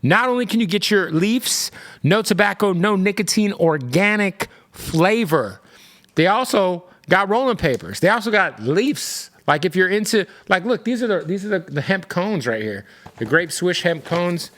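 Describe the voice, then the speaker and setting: Male podcast host, excitable and casual, lively high voice. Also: normal speed. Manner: excitable, loose, swears casually. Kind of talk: hyped ad read and casual interview.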